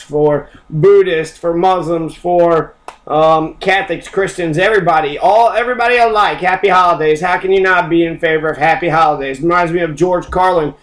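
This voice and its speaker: A man's voice: sits high, poor audio. A man ranting in a profane, mocking, combative monologue as a podcast host. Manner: heavy swearing, mocking and combative.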